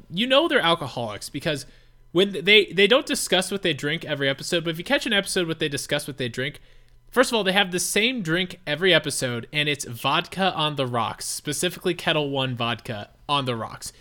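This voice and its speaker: Animated high-voiced excitable man. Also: fairly quick. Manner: excitable, animated, acts out reactions in quotes. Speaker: podcast co-host. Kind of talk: casual podcast chat.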